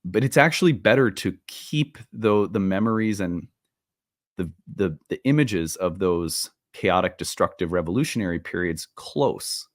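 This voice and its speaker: A man hosting an astrology video in a casual talk, animated and self-deprecating, laughing at his own jokes, recorded at home. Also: low voice, unhurried, dry recording, clean studio sound. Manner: self-deprecating, playful asides. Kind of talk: casual solo talk to camera. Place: home room with open windows.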